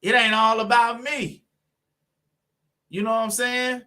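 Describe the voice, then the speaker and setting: Very high-pitched and sharp, this man's voice comes out flat and unhurried. He's running a live car stream, easygoing and talking straight to his viewers, leaning on fillers like "man" and "you know what I'm saying."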